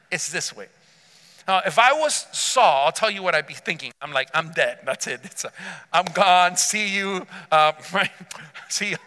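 A man's voice: high voice, sharp tone, big-room sound. A man preaching a sermon, telling a story with emphasis and acting out the quotes himself. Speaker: pastor.

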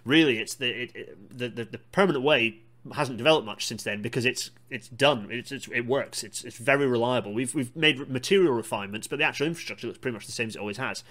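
Male podcast host, casual rambling monologue, mid pitch, enthusiastic myth-buster. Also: fast talker, a bit bright. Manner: digressive, myth-busting, enthusiastic asides. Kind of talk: casual solo monologue on railway history.

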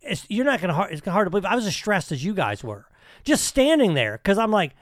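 A man's voice: high-pitched, big pitch swings, fast talker, no echo, studio quality. A man hosting a casual podcast chat, talking in profane, rambling bursts with many restarts. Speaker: podcast host.

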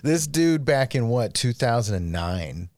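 A man on a podcast telling an anecdote in an animated way and hedging on the numbers. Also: mid-range voice, a little slow, no room sound. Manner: animated storyteller, unsure of numbers. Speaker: podcast co-host. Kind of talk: casual chat.

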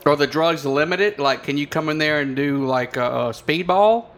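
A man's voice: a little high, normal speed, fairly bright tone. A man hosting a casual show, asking joking questions. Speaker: podcast host. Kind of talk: casual chat.

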